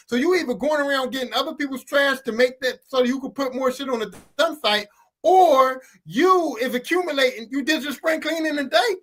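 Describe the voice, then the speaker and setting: Very high-voiced, indignant podcast co-host. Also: male voice, fairly quick. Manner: animated, indignant, curses freely. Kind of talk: casual chat.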